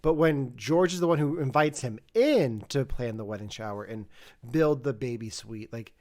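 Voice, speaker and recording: A man's voice: medium pitch, moderate pace. A man co-hosting a film podcast, talking in a loose, rambling way with frequent restarts. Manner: rambling, self-correcting, animated asides. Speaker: podcast co-host. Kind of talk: casual chat.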